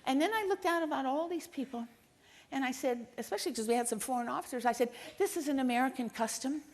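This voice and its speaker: A woman giving a closing speech at a conference, telling a family story with wry humor and acting out the dialogue, then speaking in a hushed, earnest way. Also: sits high, fast talker. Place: large conference hall stage.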